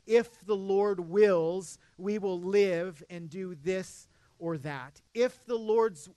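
High-voiced man preaching a sermon, dry sound. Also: darkish tone, smooth, no echo. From Midwest United States. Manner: earnest, conversational preaching with frequent restarts. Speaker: pastor.

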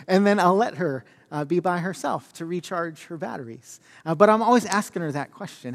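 A man's voice: high voice, expressive, brisk, creaky, hardly any pauses. A man giving a sermon as pastor, conversational and self-deprecating, full of fillers. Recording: long reverb of a church hall.

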